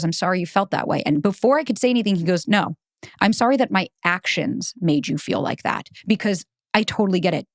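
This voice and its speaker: A woman's voice: fairly low pitch, dry recording, clean studio sound. A woman hosting a solo podcast, telling stories candidly and animatedly, acting out quotes and swearing freely. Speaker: podcast host and relationship coach.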